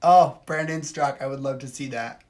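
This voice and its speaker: Chatting casually on a phone livestream, a woman answers what viewers type in, alternating between gushing and dismissive and always emphatic. Her voice is bass-deep and darkish, delivered at normal speed.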